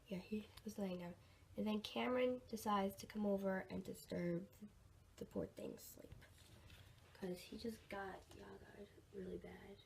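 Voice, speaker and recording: Excitable teen girl rambling a story. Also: medium pitch. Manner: rambling, excited, fillers like "like" and "oh my gosh". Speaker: vlogger. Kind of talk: casual storytime vlog. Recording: somewhat distant mic with faint room noise.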